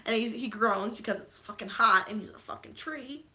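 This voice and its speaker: A young woman recapping a movie on a live stream, rambling and swearing freely, with sudden excited shouts. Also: on the high side, normal speed. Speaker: vlogger.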